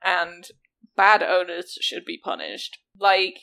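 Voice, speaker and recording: A woman's voice: on the low side, sing-song, slow, creaky, bright, forceful tone. A woman in her thirties co-hosting a podcast, making sarcastic jokes and swearing in casual chat. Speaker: podcast co-host.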